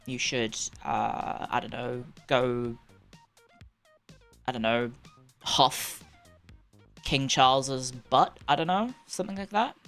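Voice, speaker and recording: A woman's voice: a bass voice, a bit bright. A woman with a British accent, livestreaming and chatting casually in a sarcastic, bantering, rambling way. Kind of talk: casual chat.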